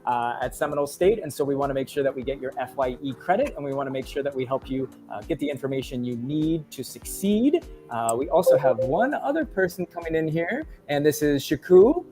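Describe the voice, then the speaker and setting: A man who is a faculty librarian, hosting a live online session over a video call, energetic and chatty. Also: on the high side, faint music behind. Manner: energetic and chatty, reads off names quickly. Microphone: computer mic on a video call.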